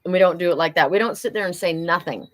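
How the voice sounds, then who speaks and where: A woman's voice: lowish voice, quick pace, low-quality recording. A woman doing a live oracle card reading, passing on spirit messages in an earnest, enthusiastic way.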